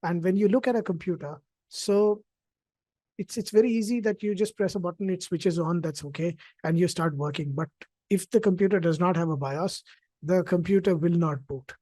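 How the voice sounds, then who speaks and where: Mellow-voiced man speaking on a video call. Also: high voice, normal speed, no echo. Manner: hesitant, many fillers and restarts. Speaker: invited speaker at an online event. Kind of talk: reflective personal talk. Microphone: own computer mic on a video call.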